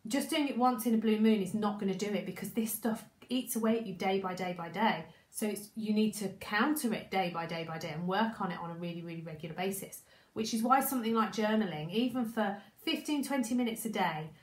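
A croaky-voiced woman coaches in a casual spoken training talk, chatting, repeating herself, restarting sentences and acting out inner thoughts. Her pitch is medium and her pace brisk. The rough recording has an echoey room sound.

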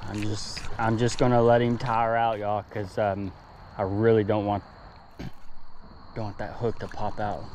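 Male fishing vlogger, slow excited drawl, outdoors with light background noise. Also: fairly low pitch, rough recording. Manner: excitable, exclaims often, addresses viewers as y'all. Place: outdoors by water.

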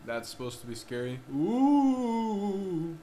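A man hosting a horror game video, cursing, shouting at the game and talking back to its characters. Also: mid-range voice, unhurried, noisy background. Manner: profane, loud and reactive, talks back to the game. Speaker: gaming video host. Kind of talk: horror game reaction commentary.

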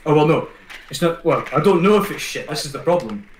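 A man chatting over voice chat while streaming a shooter game. He swears a lot and gets worked up quickly. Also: fairly high pitch, expressive. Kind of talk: casual gaming chat. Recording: roomy echo, faint background noise.

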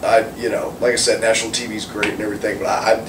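A male wrestler chatting casually in an interview, animated and swearing freely. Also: fairly low pitch, quick pace. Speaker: professional wrestler guest. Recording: roomy, distant mic with background noise.

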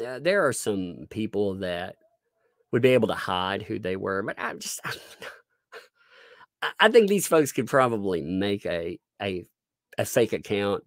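A man's voice: on the low side, gravelly, no room sound, studio quality. A middle-aged man giving sarcastic live-stream commentary while reading court documents, with chuckling asides and frequent restarts.

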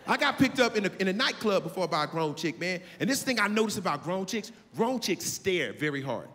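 A male stand-up comedian telling a story on stage in a loud, punchy, high-energy way. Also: sing-song, a little fast. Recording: live club hall with loud crowd.

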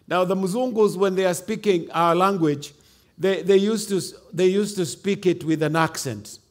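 Delivering an emphatic sermon at a moderate pace, this Kenyan man serves as a bishop and tosses in Swahili and Kikuyu remarks. His voice is pitched high for a man.

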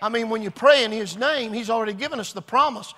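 A man preaching a revival sermon, earnest and repetitive, building to shouts. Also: very high-pitched, fast, slight background noise. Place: large church hall. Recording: long hall reverb.

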